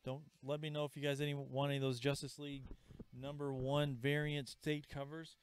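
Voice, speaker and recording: A man hosting a live comic shop sale, chatting casually and pitching items with asides. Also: flat delivery, fairly quick, smooth. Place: comic store. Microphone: livestream camera mic.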